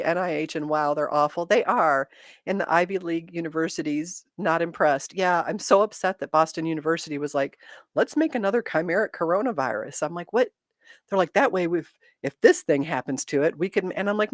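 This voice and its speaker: A woman's voice: lowish voice, a little fast, no room sound, clean studio sound. A woman in her fifties from Michigan, hosting a casual livestream, reading viewer comments and telling childhood stories, laughing often. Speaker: livestream host reading chat. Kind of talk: casual chat.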